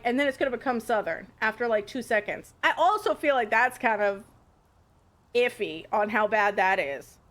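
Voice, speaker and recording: A woman streaming a game, chatting casually, excitable and prone to swearing. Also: a little high. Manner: excitable, laughing, swears freely. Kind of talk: casual live game commentary.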